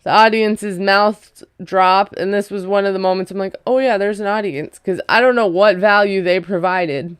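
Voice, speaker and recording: A woman's voice: mid-range voice, steady tone, moderate pace, hardly any pauses, clean tone, dry recording, studio quality. A woman giving a casual, wry recap of a reality show, chatty and full of ums and likes.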